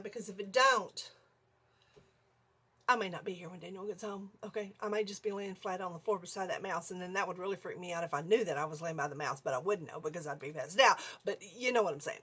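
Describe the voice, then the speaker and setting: A middle-aged woman, telling an animated story on her vlog, laughing often and acting out her own screams. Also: medium pitch, husky. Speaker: vlogger.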